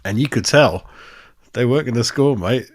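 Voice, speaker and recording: A man's voice: medium pitch, animated, moderate pace, a little hiss or hum. A man hosting a casual live-stream football match review, blunt and laughing, swearing and calling everyone mate. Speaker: football fan channel host. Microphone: desk microphone.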